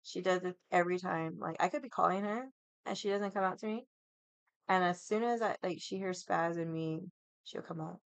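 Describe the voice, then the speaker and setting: A woman's voice: lowish voice, normal speed, clean tone, no echo. Foul-mouthed woman streamer, rambling. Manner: profane, rambling, heavy use of "like". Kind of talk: casual storytelling chat.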